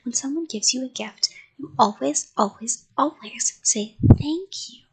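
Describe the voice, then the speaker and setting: Woman doing a worn-out storybook mom laying down the rules, breathy and a bit high. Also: unhurried, exaggerated voice. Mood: scolding. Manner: firm and scolding. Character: patient, exasperated mother of a young girl. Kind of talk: storybook reading.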